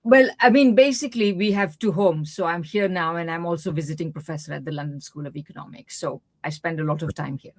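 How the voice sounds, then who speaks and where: A woman's voice: low voice, fast, few pauses, darkish tone. A woman professor, a guest on an interview over a video call, who starts her answers hesitantly with "um".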